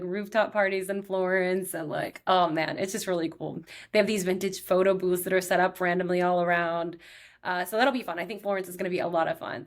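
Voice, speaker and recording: Chatty excitable young woman host. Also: mid-range voice. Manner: chatty and excitable, many fillers like "like". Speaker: podcast host. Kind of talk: casual solo chat.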